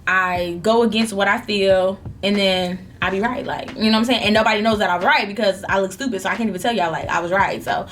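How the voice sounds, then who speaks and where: A young woman vlogger telling a story in an animated, melodramatic way while eating, in a casual storytime chat. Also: mid-range voice, fast, hardly any pauses, a little hiss or hum.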